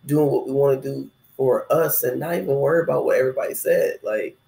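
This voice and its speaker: Man, 30s, spiritual vlogger, gravelly and a touch high, rambling reflective chat, echoey room. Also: brisk, mellow. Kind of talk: casual spiritual talk.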